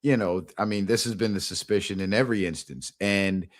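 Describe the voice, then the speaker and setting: A man's voice: low voice, brisk. A man hosting a live stream, talking in a loose, rambling, chatty way with lots of fillers. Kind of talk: casual live-stream commentary.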